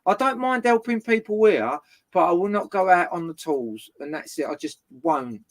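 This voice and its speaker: This guest's voice sits in the middle register as he recounts a drawn-out neighbour feud in relaxed conversation. The delivery is loud and spirited at a moderate pace, the retelling animated and full of nonstop swearing.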